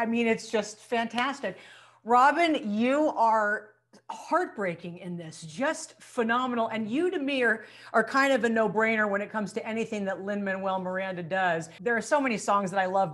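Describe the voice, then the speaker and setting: A woman's voice: medium pitch, normal speed, fairly bright tone. A woman host interviewing film cast members, gushing with effusive praise between her questions. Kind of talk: press junket interview.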